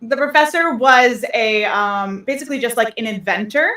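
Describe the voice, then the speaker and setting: A woman's voice: fairly high pitch, normal speed, pushed and bright, distant mic. Rambling woman in a roomy, off-mic recording. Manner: rambling, with many ums and restarts. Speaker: podcast co-host. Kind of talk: casual chat.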